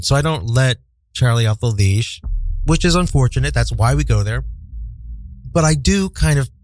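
A man's voice: fairly high pitch, a little mellow, low-quality recording. A man from the American Midwest telling a story to his viewers, dry and sarcastic with frequent profanity. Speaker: vlogger. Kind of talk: casual storytelling to camera.

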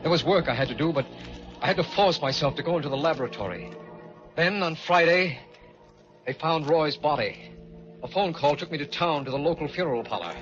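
A man's voice: a little high, lively intonation, quick pace. A man narrating in the first person with a tense, haunted delivery, in an old-time radio drama. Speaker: narrator and lead. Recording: muffled old radio recording with music.

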